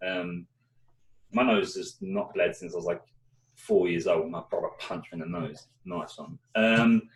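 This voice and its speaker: The voice sits low and moves a little slowly as this young co-host tells an animated, expletive-filled story on a casual chat show. He's recorded far from the mic in a room with echo.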